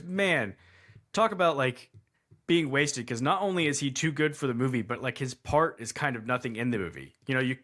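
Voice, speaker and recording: A man's voice: medium pitch, a bit bright. A man co-hosting a casual movie review chat, rambling and restarting his sentences, incredulous at bad writing. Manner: rambling, self-interrupting, incredulous. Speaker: podcast co-host.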